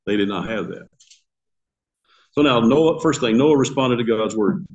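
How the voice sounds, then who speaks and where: A man's voice: mid-range voice, measured pace, highs cut off. An older man teaching a Sunday school class in a church classroom. He talks in a conversational way, asks the class questions and chuckles at his own asides.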